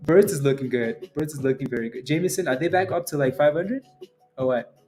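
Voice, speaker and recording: A man's voice: mid-range voice, a little fast, a little mellow, faint music behind. A man hosting a casual stock trading livestream, joking around with his viewers and laughing often.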